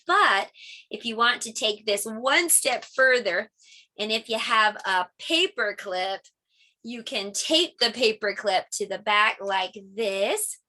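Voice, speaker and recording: A middle-aged woman teaching a preschool lesson in a gentle, sing-song voice. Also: fairly high pitch, animated, takes it slowly.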